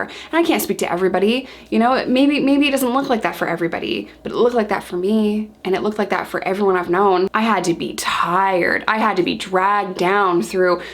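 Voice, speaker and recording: Kobieta opowiadająca żywo własną historię. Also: female voice, mid-range voice. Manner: animated, acts out her own past lines. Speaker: vlogger telling her own story. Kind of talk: casual storytelling to camera.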